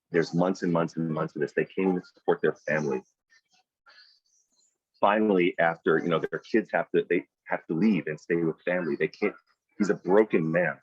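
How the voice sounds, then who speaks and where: A low-voiced man with a husky edge leads a team meeting over a video call. He tells stories and pushes his point hard, jumping up to loud, high peaks. The sound is dry and dull, like lo-fi call audio. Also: no room sound. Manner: storytelling, emphatic, rising to loud high peaks. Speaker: team leader running a weekly sales meeting. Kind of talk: motivational talk on a video call. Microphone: video call microphone.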